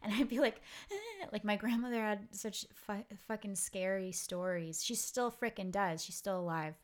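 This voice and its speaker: Rambling, swearing woman podcaster from Brooklyn. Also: medium pitch. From Brooklyn, New York. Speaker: podcast co-host. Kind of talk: casual chat.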